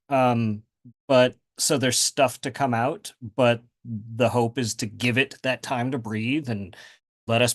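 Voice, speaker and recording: A man speaking as a guest author in a casual interview, rambling with many fillers and restarts. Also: medium pitch.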